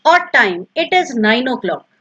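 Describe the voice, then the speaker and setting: A woman's voice: sits high, sing-song, unhurried, sharp tone, slightly rough, muffled recording. A woman teaching a recorded grammar lesson, patiently repeating each example and explaining step by step.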